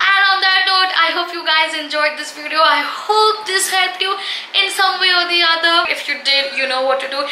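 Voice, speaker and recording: A young woman vlogging to camera, giving a lively motivational talk in a sassy manner and calling viewers honey. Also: extremely high pitch, moderate pace, echoey room, a little hiss or hum, low-quality recording. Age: young adult.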